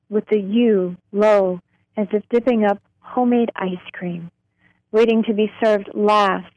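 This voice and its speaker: Woman poet reading her poem real slow, dry studio sound. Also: mid-range voice, no echo, low-quality recording. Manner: slow, deliberate reading with drawn-out words. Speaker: poet guest. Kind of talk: poetry reading on radio. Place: radio studio.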